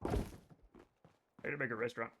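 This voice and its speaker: Here a young male streamer with a medium-pitched voice talks a little fast over faint background noise. He banters with his chat, gets excited, and erupts now and then while casually commenting on his live gameplay.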